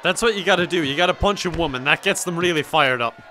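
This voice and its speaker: A young man in his twenties with an Irish accent, giving joking, excitable gameplay commentary and often yelling and laughing. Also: a little high, quick pace, a crowd in the background, background noise. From Ireland. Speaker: gaming YouTuber.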